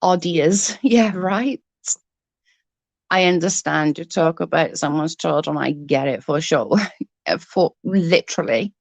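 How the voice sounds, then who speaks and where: A vlogger in her thirties tells a casual story straight to the camera in a slow, fairly low, gravelly voice, heated and swearing freely as she animatedly retells events. The recording is dry and close, with no sense of a room behind her.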